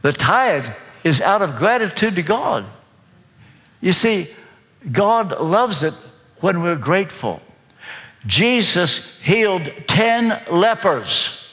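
A man with a Kentucky accent preaching a sermon as pastor, slow, deliberate and emphatic. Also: sits high, sing-song, a bit bright. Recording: long reverb of a large hall.

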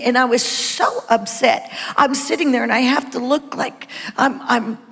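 A woman's voice: sits high, vocal fry, fairly bright tone, slightly rough. A woman preacher giving a dramatic sermon testimony, stammering through restarts and dropping into whispers. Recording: long hall reverb.

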